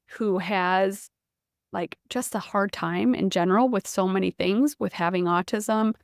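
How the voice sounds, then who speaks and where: A woman's voice: medium pitch, dry recording, clean studio sound. A woman, hosting a motivational podcast, emphatic and casual, with swearing. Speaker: podcast host.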